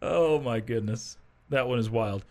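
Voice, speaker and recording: A man's voice: medium pitch, a little slow, a little mellow. A man hosting a morning sports talk show, chatty, leading the conversation with questions to his co-host. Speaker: fill-in sports radio host.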